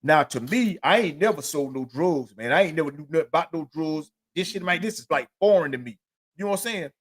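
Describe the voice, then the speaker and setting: Middle-aged male podcast host, profane and rambling storyteller, sits a little high in pitch. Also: lively intonation, fairly quick, husky. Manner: rambling, profane, constant filler phrases. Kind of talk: solo storytelling monologue.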